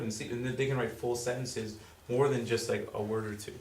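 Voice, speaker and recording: A man's voice: medium pitch, fairly even intonation, darkish tone. Man presenting to parents in roomy hall. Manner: halting, filler-heavy explaining. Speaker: school presenter. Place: school room with audience. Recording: roomy, distant, faint background noise.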